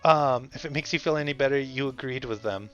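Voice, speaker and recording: A man's voice: mid-range voice, a little fast, a bit bright, clear, resonant tone. A man streamer telling a story in a casual, rambling way, often correcting himself and chuckling. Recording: slightly dull audio, faint music. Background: faint music.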